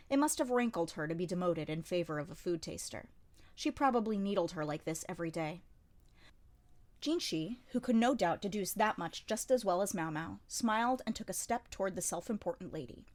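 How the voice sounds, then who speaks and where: A woman's voice: on the low side, expressive, fairly quick, darkish tone. A woman narrating a light novel as an amateur audiobook reader, in a dry, wry storytelling manner. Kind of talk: scripted narration.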